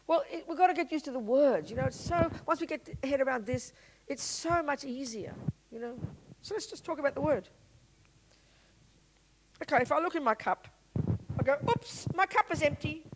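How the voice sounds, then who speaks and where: A woman's voice: high-pitched, normal speed, pauses often, background noise. A woman giving a Buddhist teaching talk, blunt and emphatic, full of rhetorical questions. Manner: blunt and lively explaining.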